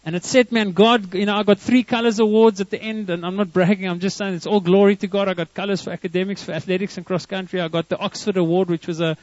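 A middle-aged South African man preaching in a casual, story-driven way, his voice sitting notably high for a man. He stumbles and restarts often as he tells his tale. The sound is dry and a little muffled. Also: steady tone, quick pace, few pauses, darkish tone, no echo. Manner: storytelling, conversational, with frequent restarts and chuckles. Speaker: pastor. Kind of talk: sermon. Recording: dull, muffled dry recording.

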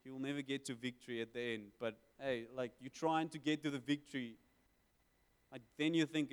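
A man preaching a sermon, conversational with quick asides and emphatic swells. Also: on the high side, clear, resonant tone. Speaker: pastor. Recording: hall with long reverb.

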